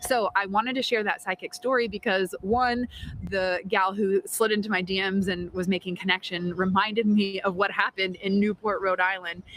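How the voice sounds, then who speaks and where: A woman's voice: medium pitch, fairly bright tone, a little hiss or hum. A woman hosting a tarot show, telling a personal story in a chatty, casual way, with frequent laughs and casual swearing. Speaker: tarot reader and host.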